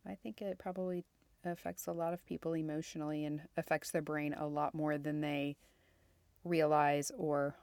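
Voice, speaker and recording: A woman hosts a podcast and answers her guest with quick, encouraging remarks and easy laughter. Her voice sits somewhat low, and the recording is dry and close to the mic. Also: level tone, clear, resonant tone, dry recording. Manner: encouraging listener, warm laughs and short reactions. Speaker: podcast host. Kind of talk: casual interview chat.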